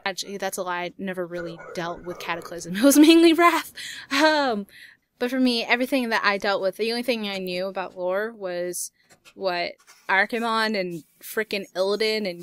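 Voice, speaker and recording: A woman's voice: mid-range voice, normal speed, a bit bright. A young woman hosting a casual gaming Q&A, reading viewer questions aloud and answering in a chatty way with frequent laughs. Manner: chatty, laughs often, swears lightly. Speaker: YouTube gaming host.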